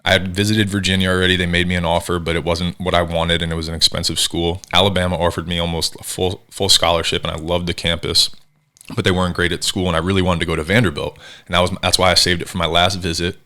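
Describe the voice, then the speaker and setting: A man's voice: low voice, fast. A man in his thirties from New Jersey, a podcast guest telling stories casually and acting out the people he quotes. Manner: animated, acts out quoted voices. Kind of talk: casual storytelling interview.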